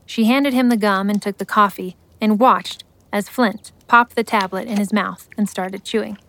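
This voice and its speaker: A woman giving scripted story narration in a steady, measured way. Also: medium pitch.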